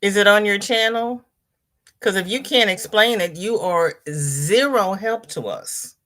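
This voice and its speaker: On a casual livestream from home, this host reads her viewers' comments aloud and chats back in response. She speaks unhurriedly in a medium-pitched, fairly bright voice.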